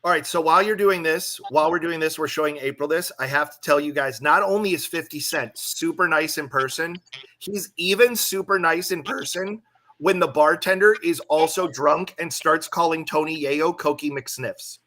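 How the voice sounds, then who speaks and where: Bright-voiced man chiming in. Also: fairly high pitch, normal speed. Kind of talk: casual chat on a live stream.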